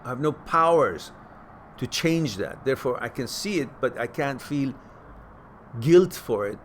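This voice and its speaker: A man hosts a live question-and-answer talk, answering viewers in a casual, plain-spoken way. His voice sits at an ordinary middle pitch but jumps higher and louder when he presses a point, and he often repeats words while he thinks. Faint background noise runs under the recording. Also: lively intonation, unhurried.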